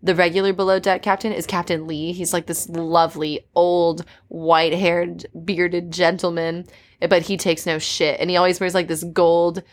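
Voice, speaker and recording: Chatty young woman, lower voice. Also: flat delivery, moderate pace. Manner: chatty, frequent "like" fillers. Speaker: podcast co-host. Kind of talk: casual chat.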